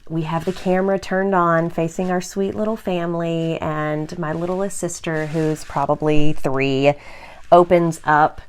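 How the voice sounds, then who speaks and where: A young adult woman co-hosting a podcast, telling funny stories in a casual, animated way with frequent laughter. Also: low voice, a little slow, a little hiss or hum. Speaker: podcast co-host. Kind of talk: casual storytelling chat.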